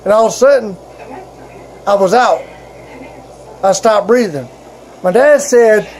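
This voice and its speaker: A man's voice: sits high, a little mellow, slight background noise, rough recording. A man telling his fellow vloggers a personal story in a casual, rambling way, stopping and restarting often. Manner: halting, rambling, with frequent restarts.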